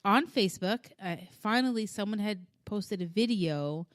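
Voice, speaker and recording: A woman in her thirties co-hosting a podcast, telling stories in an animated, casual way, swearing freely and acting out the voices of people in her stories. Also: mid-range voice, normal speed, no echo, studio quality. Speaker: podcast co-host. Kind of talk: casual chat.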